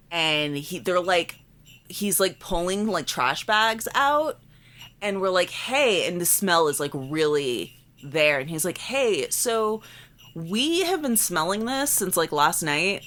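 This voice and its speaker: A woman in her late twenties, a podcast co-host, telling a ghost story in casual chat, acting out quotes and filling with "like". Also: low-pitched. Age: late 20s. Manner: animated, acts out quotes, many "like" fillers.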